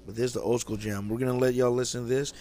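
A man's voice: medium pitch, fairly even intonation, racing, warm tone, faint music behind. A young man from California hosting a casual solo podcast, talking in a laid-back, slangy and profane way. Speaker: podcast host.

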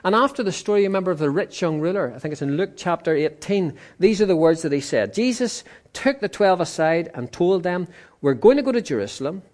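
A male preacher delivering a sermon. His voice sits a little higher than most men's. He talks to the congregation in a loose, conversational way, with frequent friendly asides. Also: animated, brisk, few pauses, darkish tone.

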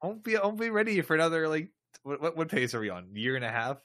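A man's voice: fairly high pitch, fast talker, a bit bright, dry recording. A man co-hosting a podcast, making wry, dry remarks in casual chat. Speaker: podcast co-host.

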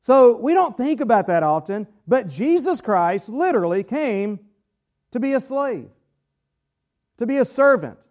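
High-voiced man teaching a Bible study. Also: sing-song, a little mellow. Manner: earnest, slows down hard to stress key phrases; reads scripture aloud with measured weight. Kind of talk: sermon-style Bible teaching.

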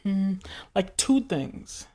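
A man's voice: sits high, big pitch swings, extremely slow, mellow. A man from New York in casual chat, telling loose jokey stories with plenty of fillers. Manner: laid-back, joking, loose storytelling with fillers.

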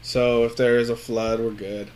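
A man's voice: medium pitch, level tone, moderate pace, darkish tone. A man telling a rambling story in casual chat, swearing a lot and acting out what people said. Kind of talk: casual chat between friends.

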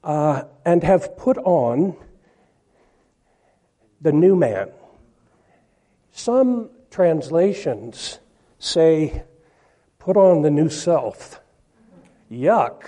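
Slow-speaking preacher, a man with a mellow voice. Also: a little high, sing-song. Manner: slow, emphatic, reads scripture aloud. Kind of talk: sermon.

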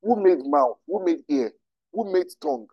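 A man's voice: high-pitched, lively intonation, normal speed, slightly rough, no room sound, muffled recording, exaggerated voice. A man voicing God as a firm, commanding presence in a sermon.

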